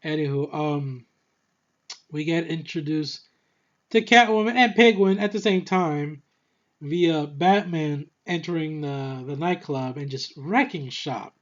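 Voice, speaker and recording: A young man giving a rambling, excitable movie review, a little short of breath and swearing freely. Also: fairly high pitch, unhurried, muffled recording. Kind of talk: casual movie review monologue.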